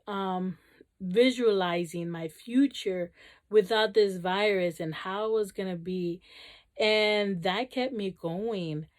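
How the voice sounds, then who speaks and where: A woman's voice: on the low side, a little mellow. A woman vlogger telling a personal story to camera, casual and rambling, with many fillers and restarts.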